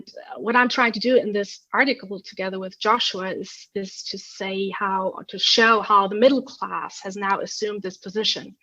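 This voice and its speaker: A woman guest philosopher answering interview questions in a measured, explanatory way. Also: medium pitch, fairly bright tone, muffled recording.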